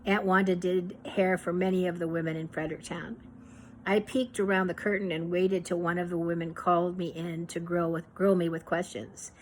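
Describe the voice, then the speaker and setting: A woman from Pittsburgh reading her memoir aloud in an unhurried, reflective way, now and then correcting herself. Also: fairly low pitch, little pitch movement, a little hiss or hum, poor audio. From Pittsburgh, USA.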